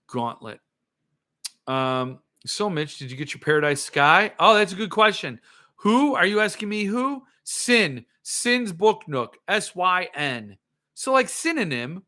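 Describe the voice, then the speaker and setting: A man's voice: on the high side, sharp tone. A man hosting a livestream, ranting sarcastically and answering viewer comments in casual chat. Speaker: podcast host.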